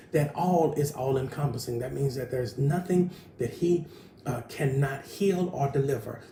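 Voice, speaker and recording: Brief: male pastor, lively sermon delivery, roomy echoey sound with faint noise. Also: mid-range voice. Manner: animated preaching with call-outs to the congregation.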